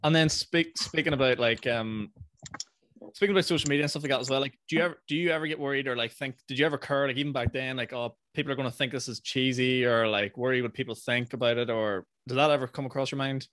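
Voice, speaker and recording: A man's voice: medium pitch, steady tone, quick pace, fairly bright tone, no echo. A young Irish man hosts a podcast from his room. His voice sits close and dry on the mic. He asks long, rambling questions padded with "like" and laughs easily along with his guest. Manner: rambling questions full of fillers, laughs often. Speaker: podcast host. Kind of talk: casual chat.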